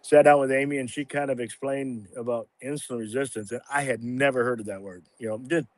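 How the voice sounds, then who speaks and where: Halting man in his sixties, dry sound. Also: medium pitch, steady tone, no room sound. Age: 60s. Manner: rambling, halting, with many restarts and fillers. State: a little emotional at times. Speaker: guest sharing a testimony. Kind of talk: casual spoken testimony on a livestream.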